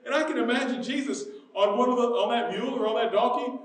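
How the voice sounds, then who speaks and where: A male pastor from the United States preaching a sermon, moving between hushed, soft passages and loud, emphatic ones. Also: extremely high pitch, quick pace, hardly any pauses. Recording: very echoey room, mic at a distance.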